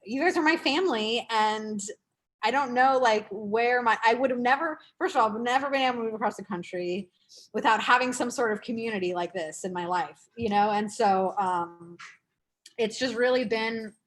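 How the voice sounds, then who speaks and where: A young woman sharing her recovery story in a halting, heartfelt way, full of fillers and restarts. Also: a little high, a bit bright. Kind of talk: casual emotional sharing.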